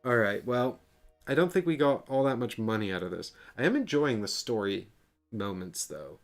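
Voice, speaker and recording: A man's voice: mid-range voice, big pitch swings, normal speed, soft background music. A man streaming a board game, chatting casually and self-deprecatingly while reading the game text aloud.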